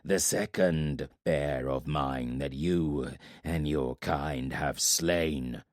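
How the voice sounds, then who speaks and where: A man voicing a hulking giant warlord, calm and menacing, in an audiobook, speaking slowly and deliberately. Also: no echo, studio quality, heavily acted. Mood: measured menace. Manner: slow, deliberate, rumbling.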